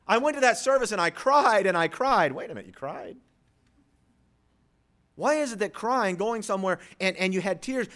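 In his sermon, the pastor's male voice rises for rhetorical questions and drops low for quieter sections. He acts out the lines of imaginary audience members.

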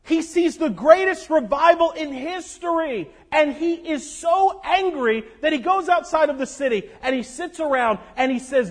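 A man preaching a sermon as a guest speaker, animated and acting out grumbling churchgoers. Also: very high-pitched, moderate pace, hardly any pauses. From North Carolina.

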